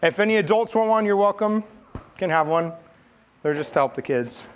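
Speaking at normal speed in a high, expressive voice, a pastor tells children a Bible story. His children's message is playful and chatty, full of coaxing as he directs the kid volunteers.

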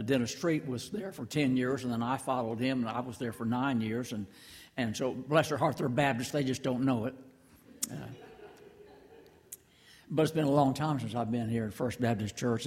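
An older man preaching a sermon, folksy and halting, with frequent restarts and asides to the congregation. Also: medium pitch, in a large hall. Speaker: pastor. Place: church sanctuary.

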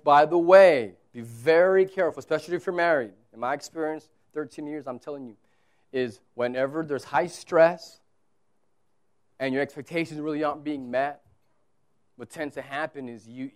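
A man in his thirties preaching a sermon as pastor, conversational, moving between quiet asides and loud, emphatic repetition. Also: mid-range voice.

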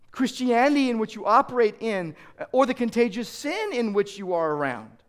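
Middle-aged male pastor, high voice, dynamic sermon delivery with loud and soft swings. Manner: dynamic preaching, swings from loud emphasis to quiet.

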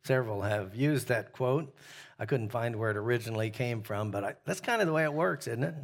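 Pastor, male, mid-pitched voice, informal Bible-study teaching with fillers and questions to the group. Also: fairly quick, creaky.

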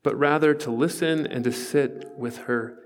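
A man's voice: mid-range voice, unhurried, long reverb tail. A man in his forties preaching a sermon, telling stories in an earnest, conversational way with asides to the congregation. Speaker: pastor. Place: church sanctuary.

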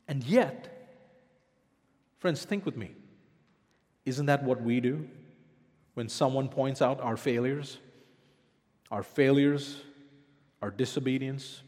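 A man's voice: mid-range voice, unhurried, long pauses, a little mellow, in a large hall. A man preaching a sermon as pastor, asking the congregation rhetorical questions.

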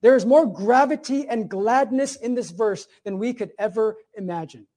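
A man preaching a sermon, building emphatic repeated phrases and slowing down to stress key words while explaining a point like a teacher. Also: high voice, dark tone. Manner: emphatic, repetitive cadences with slow, stressed phrases.

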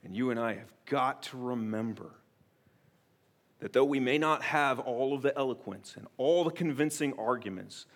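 A man gives a sermon as pastor, medium in pitch and normal in speed. His tone is earnest and direct, dropping to hushed appeals and then rising to loud, emphatic proclamations.

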